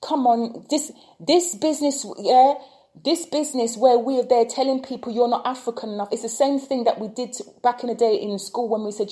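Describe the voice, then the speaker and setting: A woman's voice: on the high side, moderate pace, a little mellow. A woman vlogging an impassioned rant, full of repeated rhetorical questions. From United Kingdom. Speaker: tarot reader and vlogger. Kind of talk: opinion vlog rant.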